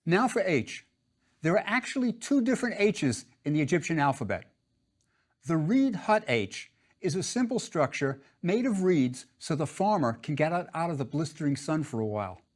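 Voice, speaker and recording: A man's voice: fairly high pitch, very animated, normal speed. A man teaching a drawing lesson, patient and step by step, repeating each instruction.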